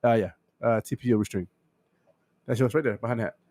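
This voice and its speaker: A man's voice: mid-range voice, fast talker, no echo. A man co-hosting a casual podcast, joking around and walking listeners through a cocktail recipe. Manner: joking, animated, mixes drink recipe banter. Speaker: podcast co-host. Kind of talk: casual chat.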